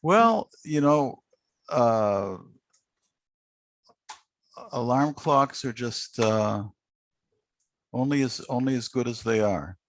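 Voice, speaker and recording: A man hosting a poetry prize ceremony on a video call, joking gently and reading a poem aloud. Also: mid-range voice, expressive, no echo. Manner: unhurried, gently joking, with frequent uh fillers. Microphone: video call microphone.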